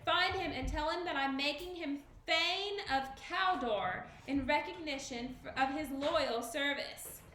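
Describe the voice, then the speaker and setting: An old king gives firm commands, read aloud by a woman. Her voice is high, the room echoey with faint hiss. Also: a little slow, few pauses, bright, forceful tone. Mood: commanding.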